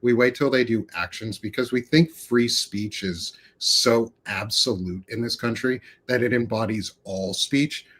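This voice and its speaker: A man's voice: mid-range voice, unhurried, hardly any pauses, a bit bright, husky. A man talking politics as a guest, blunt, emphatic and profane. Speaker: guest commentator. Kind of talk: casual political chat.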